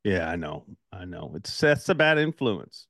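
A man's voice: low voice, big pitch swings, measured pace, fairly bright tone, dry recording, clean studio sound. A man from Ireland hosting a podcast, telling stories casually with lots of laughter. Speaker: podcast host. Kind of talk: casual interview chat.

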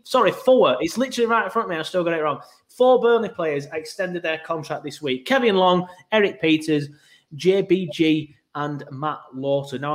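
A man hosting a football fan podcast, upbeat and talking straight to his listeners with the odd filler. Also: fairly high pitch. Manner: upbeat, quick, thinks aloud with fillers. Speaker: podcast host.

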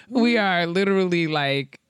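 A woman's voice: lowish voice, lively intonation, slow pace, smooth, no echo. A woman hosting a podcast in casual chat, dramatic and wry, sounding exasperated. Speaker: podcast host.

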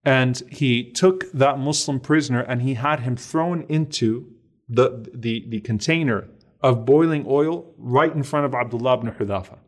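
Preacher, male, middle-aged, mid-pitched, vivid storyteller acting out dialogue. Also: measured pace. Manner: dramatic storytelling, acts out dialogue, sprinkles Arabic phrases. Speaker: Islamic preacher. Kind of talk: storytelling sermon.

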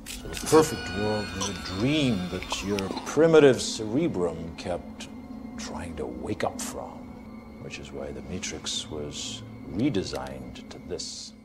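An actor playing a cold, menacing machine agent who lectures in a measured, contemptuous way, in a film scene. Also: male voice, low voice, expressive, over music. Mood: coldly contemptuous. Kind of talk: film dialogue.

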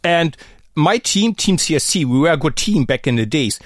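A man's voice, slightly high for a man and swinging widely in pitch as he tells road stories. He acts out the people he quotes in a casual podcast chat. The recording is dry and close, with no room sound. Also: normal speed, no echo. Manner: animated storyteller, acts out quoted speech. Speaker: former pro cyclist guest.

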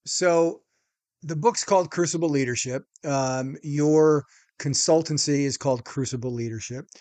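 A man cohosting a podcast, framing his questions at length in a measured way. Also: a little high, darkish tone, dry recording.

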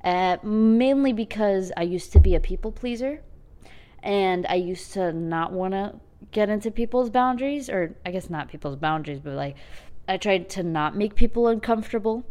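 A woman's voice: mid-range voice, a little mellow. A young woman hosting her podcast, chatty and self-mocking, rambling through a casual monologue. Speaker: podcast host.

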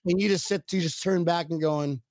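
A man hosting a podcast, riffing in quick, playful banter. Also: on the high side, fairly even intonation, a little mellow, no echo, clean studio sound. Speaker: podcast host. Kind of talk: casual chat.

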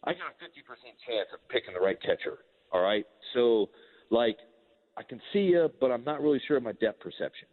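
A man in his forties, a former pitcher, telling a story in a casual, rambling way, full of "like" and restarts. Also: fairly quick. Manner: rambling, animated, heavy use of "like". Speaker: former baseball pitcher, guest. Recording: tinny phone-like line with long reverb.

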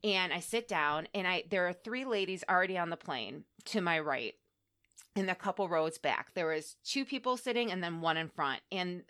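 Animated, laughing woman podcast host. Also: fairly low pitch, moderate pace, clear, resonant tone. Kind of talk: casual chat, personal storytelling.

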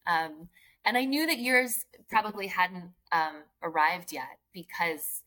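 A woman's voice: lowish voice, takes it slowly, sharp tone. A woman guest author from Philadelphia talking about resilience in casual interview chat, earnest and explaining with frequent "right?" and "like".

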